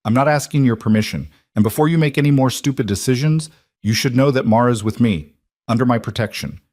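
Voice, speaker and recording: A man's voice: medium pitch, brisk, darkish tone, no echo, pitched above the performer's own voice, lightly acted. A man voicing a possessive, intense young mafia boss who speaks in a commanding way.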